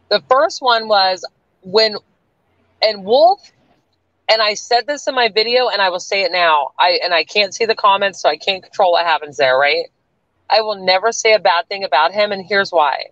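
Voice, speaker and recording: A woman's voice: mid-range voice, normal speed, fairly bright tone, no echo, highs cut off. A woman from the US South with a Canadian-tinged accent, talking bluntly and with plenty of swearing as a guest on a livestream. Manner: blunt, profane, defiant. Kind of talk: livestream chat.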